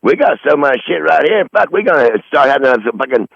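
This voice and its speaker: A man's voice: fairly high pitch, lively intonation, a little fast, gravelly, dry recording. Profane, blustery man on a dull line. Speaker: regular call-in guest. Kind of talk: rambling casual chat. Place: outdoors in his garden.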